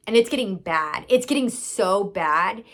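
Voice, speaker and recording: A woman's voice: medium pitch, expressive, slow, a bit bright. A young woman telling a storytime in a chatty, filler-heavy way, acting out her own thoughts and quoting others. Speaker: storytime vlogger, massage business owner. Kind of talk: casual storytime.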